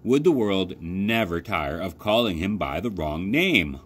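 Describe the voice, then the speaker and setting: A man from a library youth program reading a children's novel aloud as expressive storytelling. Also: a little slow, slightly rough. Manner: expressive storytelling with lively pitch. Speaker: library youth services coordinator. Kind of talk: children's book read-aloud.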